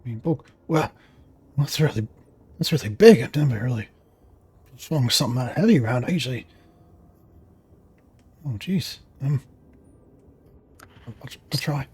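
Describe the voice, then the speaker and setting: Man playing a hesitant young goblin, husky and unsure, quiet. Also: medium pitch, unhurried, pauses often. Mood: nervous.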